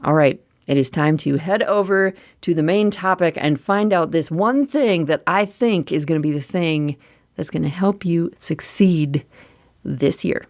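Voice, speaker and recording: Lady podcast host, kinda low voice, chatty, laughs a lot, squeals high when excited, dry close mic. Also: unhurried, no echo. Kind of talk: casual solo podcast talk.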